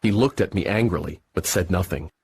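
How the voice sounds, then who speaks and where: A man narrating an adventure story in a measured, steady storytelling manner. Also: low-pitched, a little hiss or hum. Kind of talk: scripted audiobook narration. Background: soft music.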